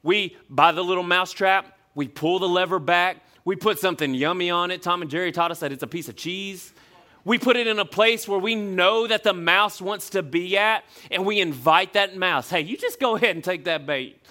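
A man preaching a sermon with a bright, high voice. He is animated, and he slows down and drops low when he reads scripture aloud. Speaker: pastor.

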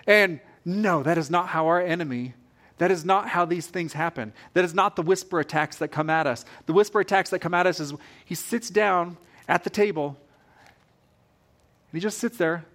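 A male pastor delivering a sermon in an animated way, repeating phrases for emphasis. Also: high-pitched, normal speed.

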